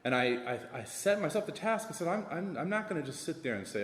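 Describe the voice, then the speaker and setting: A man's voice: on the high side, fast talker, few pauses. Southern-accented man in an echoey hall. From American South. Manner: wordy and animated, with self-deprecating jokes. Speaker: assistant principal. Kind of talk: panel talk. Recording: echoey hall with long reverb.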